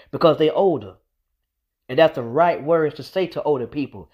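A man's voice: on the high side, expressive, a little fast, darkish tone. A young man telling a personal story in a casual monologue, emphatic and repetitive as he drives his point home. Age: young adult. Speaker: vlogger.

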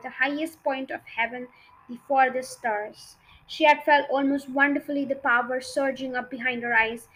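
A woman reading a children's novel aloud, expressive and with small slips. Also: sits high, poor audio. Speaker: storybook reader.

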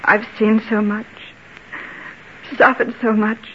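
A woman's voice: medium pitch, flat delivery, slow pace, a little hiss or hum, natural voice. An actress playing an anguished young woman in a radio play, pleading in an overwrought, tearful way. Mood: grave. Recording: muffled old radio recording.

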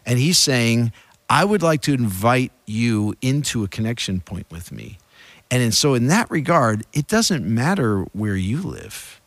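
A man's voice: mid-range voice, very animated, measured pace, no echo. A man co-hosting a casual faith discussion, talking with many restarts and acting out the lines he quotes. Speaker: podcast co-host.

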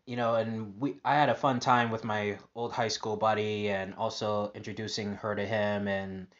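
A man's voice: lowish voice, level tone, normal speed, lo-fi sound. A man hosting a casual personal podcast monologue, upbeat and rambling with lots of fillers and restarts. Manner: upbeat, positive. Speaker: podcast host.

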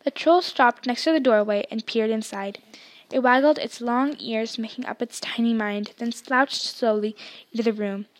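A woman's voice: a little high, moderate pace. A woman reading a novel aloud expressively, dropping to a whisper in tense passages. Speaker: audiobook reader.

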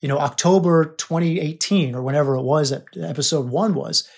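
A man with a husky, slightly breathy voice hosts his own podcast as a spiritual coach. He drives each idea home with emphatic, repeated phrases, sounding like a teacher pressing his listeners to change. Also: on the high side, fairly quick, darkish tone. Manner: emphatic, repetitive teaching delivery.

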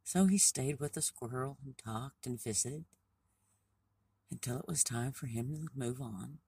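Slow husky storyteller telling a kids' animal tale, far from the mic. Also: medium pitch, darkish tone, dry recording. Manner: slow, homespun, with many dialogue tags. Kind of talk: casual oral storytelling.

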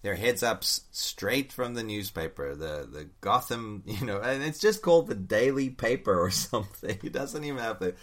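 A man co-hosting a casual comics chat, animated and laughing often, turning to his co-host with questions. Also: on the low side, normal speed, hardly any pauses. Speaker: podcast co-host discussing comics.

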